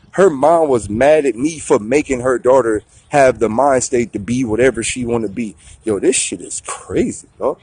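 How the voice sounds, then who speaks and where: Husky-voiced man telling a profane story. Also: mid-range voice, normal speed, hardly any pauses, dry recording. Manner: profane, animated, slangy storytelling. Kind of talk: casual storytelling talk.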